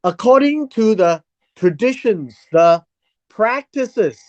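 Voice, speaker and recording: A Bible study teacher who reads verses aloud and explains them word by word in an unhurried teaching style. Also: mid-range voice, expressive, a little mellow, lo-fi sound.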